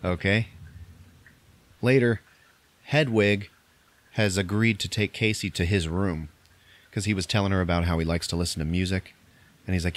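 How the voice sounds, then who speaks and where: Guy on a movie podcast retelling the plot, slightly low voice, does little voices for everyone, keeps laughing. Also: fairly even intonation. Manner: acts out characters' lines in quick impressions, laughs often. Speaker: podcast host. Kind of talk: casual movie recap.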